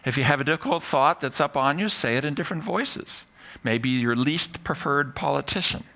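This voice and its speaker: A psychology professor gives a live talk on stage before an audience, playful and self-mocking. His voice is on the high side, creaky and sharp in tone, at a moderate pace.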